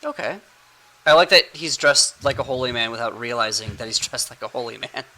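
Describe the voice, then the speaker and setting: A playful, giggly man chats at a quick clip as the host of a tabletop game podcast. His voice is very bright and forward, with a middle pitch. He rambles and laughs through his jokes. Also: slight background noise, low-quality recording. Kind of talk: casual podcast chat.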